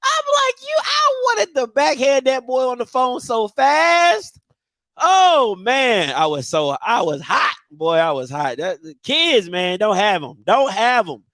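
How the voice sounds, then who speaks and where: This host is a man with a strikingly high voice. He tells his story in an animated, excitable way, breaking into loud outbursts full of slang. The recording is dry and close, with no room sound. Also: moderate pace, dry recording. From Maryland. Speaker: football show host. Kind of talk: casual storytelling monologue.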